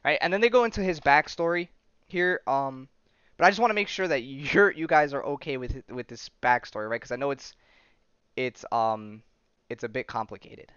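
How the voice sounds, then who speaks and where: A man's voice: mid-range voice, moderate pace, fairly bright tone, clear, resonant tone, no room sound, muffled recording. A man from Florida hosting a podcast, recapping a comic in a rambling casual way full of fillers and checks like "right?". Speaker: podcast host.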